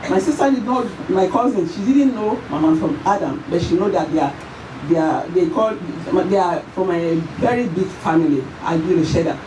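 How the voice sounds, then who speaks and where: A Nigerian woman giving an emotional tribute at a memorial service, her voice shaking as she tells the story in halting, repeated phrases. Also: fairly low pitch, expressive. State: tearful, voice shaking. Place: church or event hall at a memorial service. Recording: echoey hall, far from the mic, faint noise.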